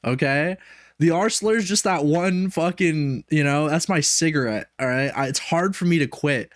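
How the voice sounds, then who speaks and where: A man talks through a reaction video in casual, rambling commentary, swearing freely and drifting into self-mocking asides. His voice sits in an ordinary middle pitch, and the recording is dry and close, with no room echo. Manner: rambling, profane, laughing asides. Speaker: commentary streamer.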